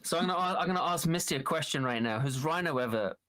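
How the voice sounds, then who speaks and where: A man hosting a casual interview, talking in a halting way with many fillers and frequent laughter. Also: a little high, expressive, fairly bright tone. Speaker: interview host.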